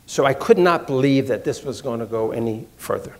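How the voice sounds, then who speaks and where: A man from Washington, D.C., telling an audience his own story in a deliberate, measured way, repeating phrases for emphasis. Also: mid-range voice, expressive. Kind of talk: measured personal talk to an audience.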